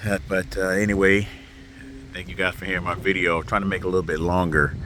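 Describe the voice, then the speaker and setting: A man talking in a casual personal vlog outdoors, reflective and halting, close to tears, speaking into a handheld camera as he walks. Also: sits low, flat delivery, bright, forceful tone, a little hiss or hum. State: tearful. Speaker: vlogger. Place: outdoors walking in a neighborhood.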